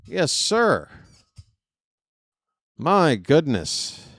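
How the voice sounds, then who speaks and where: A man doing fan play-by-play commentary of a baseball game, excitable and prone to rambling asides between pitches. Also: extremely slow, no echo. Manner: excitable, shouts on big plays, rambling asides.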